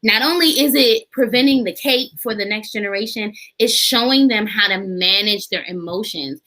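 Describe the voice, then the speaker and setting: A woman in her thirties hosting a podcast conversation, animated and laughing often. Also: mid-range voice, moderate pace, rough recording. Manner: animated, acts out child voices, laughs often. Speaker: podcast host and therapist. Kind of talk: casual conversational interview.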